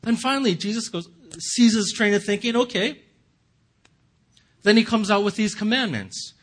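A man's voice: high-pitched, expressive, moderate pace, long pauses, fairly bright tone. A man giving a casual, conversational sermon, often chuckling and restarting his sentences. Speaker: pastor.

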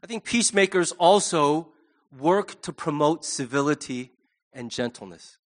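A man's voice: fairly high pitch, expressive, a little slow. A man preaching a sermon as pastor, conversational and humorous, slipping into acted asides. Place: church.

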